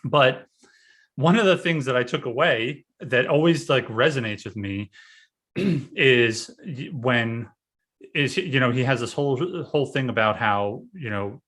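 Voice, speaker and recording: A man talking casually on a podcast, halting with many fillers and restarts. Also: mid-range voice, animated, a bit bright. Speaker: podcast host, guest this episode. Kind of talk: casual conversation.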